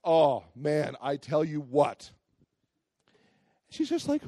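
A man preaching a sermon, telling a personal story in an animated way and acting out the voices of the people in it. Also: fairly high pitch, slow pace, long pauses, dry recording. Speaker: pastor.

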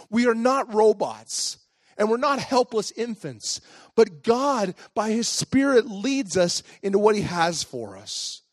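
High-voiced male pastor preaching. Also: very animated, slow pace, no room sound. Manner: conversational preaching with rhetorical questions. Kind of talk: sermon.

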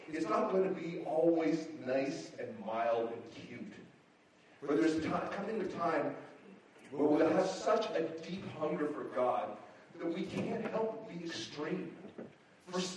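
A man's voice: a little high, darkish tone, a little hiss or hum. A man preaching a sermon as pastor, telling stories and acting out his own reactions with energy. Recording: very echoey hall, mic far off.

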